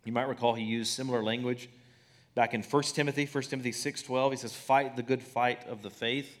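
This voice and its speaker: Male pastor, mid pitch, relaxed conversational sermon delivery. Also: fairly quick. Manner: conversational, asks "right?" often, with restarts. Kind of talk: expository sermon.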